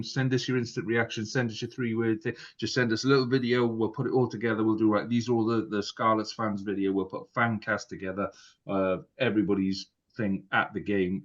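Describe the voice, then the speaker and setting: A man's voice: fairly low pitch, level tone, fairly quick. A man hosting a podcast in casual chat, rambling with fillers and restarts. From Wales. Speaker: podcast host. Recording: dull lo-fi sound.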